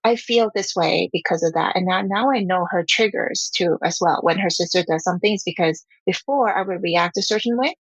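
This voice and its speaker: A woman's voice: fairly low pitch, a little fast, few pauses, breathy edge, dry recording, lo-fi sound. A woman who is a parent, talking candidly and earnestly about her home life in an interview, acting out what her children say. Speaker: parent guest.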